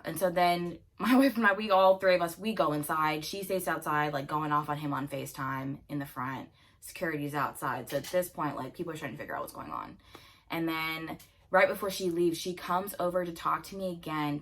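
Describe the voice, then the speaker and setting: Young woman, twenties, low-pitched, casual animated storyteller. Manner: chatty, animated, breaks into laughter. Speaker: vlogger.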